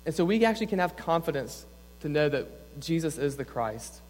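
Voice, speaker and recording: A man's voice: a little high, very animated, fairly quick, a little mellow. A young adult man, a campus pastor, preaching a sermon in an earnest, conversational way, often saying "like". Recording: long reverb in a church hall.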